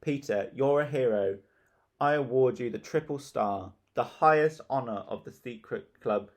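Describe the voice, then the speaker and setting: A man's voice: medium pitch, measured pace, natural voice. A man voicing a bossy, gloating schoolgirl who leads a secret club in a storybook.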